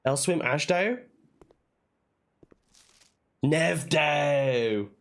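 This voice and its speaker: A man's voice: fairly high pitch, lively intonation, extremely slow. A man streaming a puzzle game, thinking aloud and sounding out made-up words in a casual way. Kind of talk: casual let's-play commentary.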